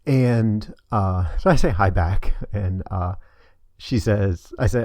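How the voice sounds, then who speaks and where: A man's voice: fairly low pitch, slow, a little mellow, no room sound, studio quality. A middle-aged man casually telling a personal story on his vlog, hesitant and full of fillers. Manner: rambling, hesitant, many fillers. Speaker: vlogger.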